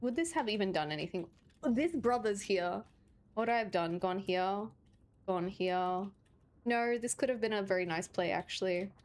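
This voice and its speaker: A woman's voice: medium pitch, lively intonation, moderate pace, a little hiss or hum. A woman streaming a game, chatting casually with sarcastic, rambling asides. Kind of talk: casual gaming stream chat.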